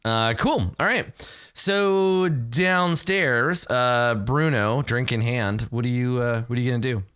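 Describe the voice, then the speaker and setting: Game master man, rambling scene descriptions full of fillers, bright edgy tone. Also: mid-range voice, measured pace, clean tone. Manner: loose, rambling scene-setting with many fillers. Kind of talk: narrating a tabletop game.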